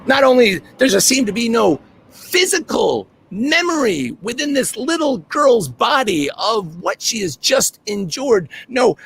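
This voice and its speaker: A man performing an earnest, reflective personal storytelling monologue with dramatic swings in pitch and loudness. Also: creaky, slightly rough.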